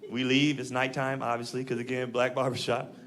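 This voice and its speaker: A stand-up comedian from Los Angeles, a man telling animated stories on a club stage through a handheld mic. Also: mid-range voice, brisk. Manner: animated storytelling with voiced characters. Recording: live audience laughing.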